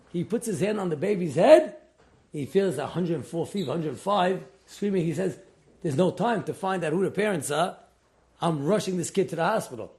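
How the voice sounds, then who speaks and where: A male rabbi tells a story to his class. His voice sits a little high a gravelly edge, and he throws himself into the characters, jumping up and down in pitch as he acts them out. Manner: animated storyteller, acts out quotes with big pitch jumps.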